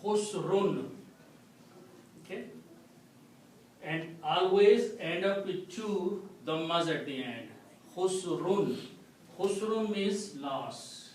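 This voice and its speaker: A man teaching a classroom lesson, with a slightly higher voice and a slow, deliberate pace. He explains step by step and keeps checking in with his students. He is recorded from a distance in a very echoey room with faint noise behind him. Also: animated. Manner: slow, explanatory, repeats "okay?" to check understanding. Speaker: Quran Arabic teacher. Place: mosque classroom.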